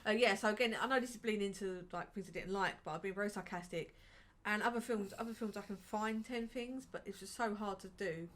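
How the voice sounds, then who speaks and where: A woman's voice: mid-range voice, a little fast, a bit bright. A woman co-hosting a casual film chat, sarcastic, hesitant, often murmuring agreement. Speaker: co-host reviewing a film.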